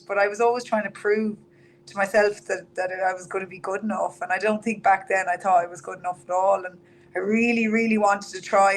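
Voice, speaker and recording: A woman's voice: medium pitch, a little hiss or hum, low-quality recording. A young Irish woman, a fighter interviewed about her career, talking candidly with lots of "like". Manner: candid, chatty, fillers of "like". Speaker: MMA fighter guest.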